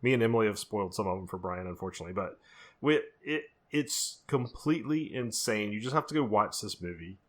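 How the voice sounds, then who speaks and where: A man co-hosting a horror movie podcast, chatting casually and with excitement, full of fillers and restarts. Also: fairly low pitch, brisk. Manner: enthusiastic, rambling, lots of fillers. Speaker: podcast co-host. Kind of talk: casual chat.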